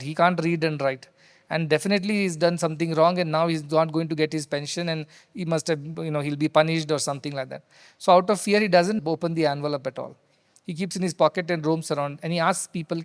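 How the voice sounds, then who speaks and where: A man's voice: on the high side, fast talker, clean tone. A male spiritual teacher, telling a story in a discourse to devotees in a hall. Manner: animated storyteller who repeats key phrases. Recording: reverberant hall sound.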